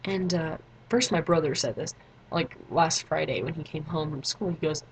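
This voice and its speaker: A woman's voice: sits low, normal speed, slight background noise, rough recording. A teenage girl vlogging in a rambling, chatty way, full of fillers and side notes. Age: teens. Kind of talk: casual chat to camera.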